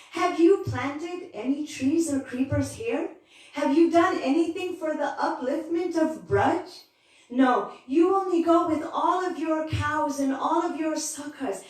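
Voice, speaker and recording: A woman's voice: high voice, pitched above the performer's own voice. A woman voicing a group of teasing young village women who scold with mocking questions, as she tells a devotional story. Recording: very echoey, from far off.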